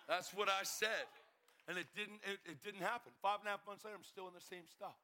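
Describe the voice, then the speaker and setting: High, bright-voiced man preaching. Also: steady tone, a faint crowd, a little hiss or hum. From York, Pennsylvania, US. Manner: fast, urgent storytelling with sudden shouted bursts. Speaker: evangelist speaker. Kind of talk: conference testimony sermon.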